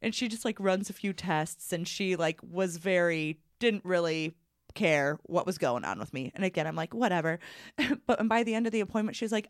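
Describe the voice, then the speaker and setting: A woman's voice: lowish voice, normal speed, no echo, clean studio sound. A woman telling a funny travel story on a podcast, laughing often and acting out the people she quotes. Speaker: podcast guest. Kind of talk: casual storytelling chat.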